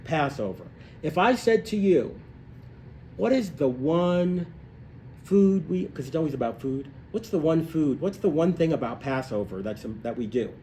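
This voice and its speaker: Animated man telling a story to a class. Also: moderate pace, a little hiss or hum. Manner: animated, acts out voices in stories, rises in pitch when excited. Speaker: class teacher. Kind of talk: storytelling lecture to a live class. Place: hotel room, recorded live.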